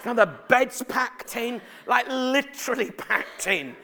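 A middle-aged man preaching a sermon, telling family stories in a chatty, animated way and asking the congregation questions. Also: extremely high pitch, normal speed, few pauses.

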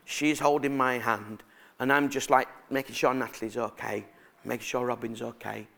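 A middle-aged man preaching a sermon, telling family stories in a chatty, animated way and asking the congregation questions. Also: medium pitch, normal speed, creaky.

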